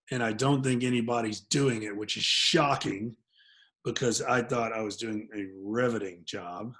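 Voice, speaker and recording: A man's voice: medium pitch, normal speed, a bit bright. A man hosting a live webinar, jokey and self-deprecating as he tells a closing story. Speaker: webinar host.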